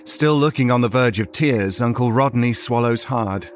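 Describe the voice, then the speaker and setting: A man narrating a horror story in a measured, storytelling way. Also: medium pitch, faint music behind.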